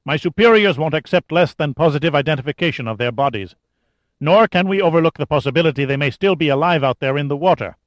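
A man's voice: on the high side, lively intonation, fast, no echo, natural voice. A man reading a cold, ruthless male KGB agent who speaks in clipped, commanding orders.

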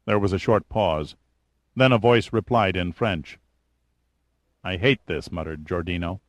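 A man reading an audiobook's narration in an even, measured way. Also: deep voice, no echo.

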